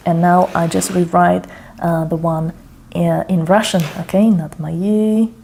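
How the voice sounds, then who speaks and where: A woman's voice: fairly low pitch, steady tone, measured pace, gravelly, dark tone. A woman demonstrating her language study method, hesitant and self-checking, muttering to herself while she writes by hand. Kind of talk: casual think-aloud tutorial. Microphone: camera over her shoulder.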